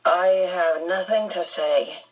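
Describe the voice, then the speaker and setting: A woman voicing a frightened teenage boy who speaks slowly in a strained, raised voice. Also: fairly low pitch, recorded from a distance, poor audio. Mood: scared. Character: scared teenage boy, wry and stiff.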